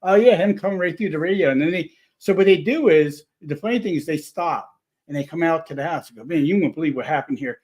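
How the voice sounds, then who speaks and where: A man telling a story in a casual chat, rambling and animated, full of restarts. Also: on the high side, quick pace. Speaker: paranormal investigator guest.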